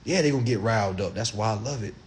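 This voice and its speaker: This livestreamer has a lowish voice and talks at a quick pace, with a slight hiss or hum in the audio. He addresses viewers head-on in a profane, emphatic monologue, occasionally doing impressions of others.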